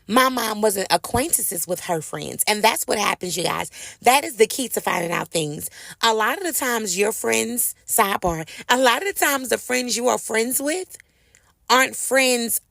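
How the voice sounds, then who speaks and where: Woman, middle-aged, casual storytelling, gravelly, dry recording. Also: a little high, a bit bright, no room sound. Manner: chatty, addresses listeners as y'all. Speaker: host.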